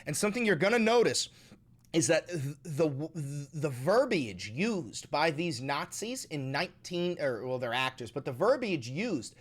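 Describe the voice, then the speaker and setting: A man hosts a casual reaction video, talking in a somewhat high voice. He jokes around, swears freely and stays animated throughout. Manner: animated, profane and joking. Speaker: host.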